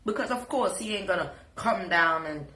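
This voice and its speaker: A woman's voice: medium pitch, expressive, normal speed, bright, forceful tone, reverberant. A woman with a Jamaican accent, scolding and preaching in a sassy live reaction rant. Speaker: social media commentator.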